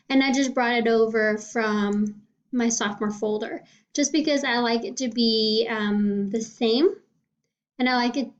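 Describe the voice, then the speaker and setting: A woman cosmetology teacher casually walking through her weekly lesson planning, often checking in with "okay?". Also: on the high side. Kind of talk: casual screen walkthrough. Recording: dull lo-fi sound.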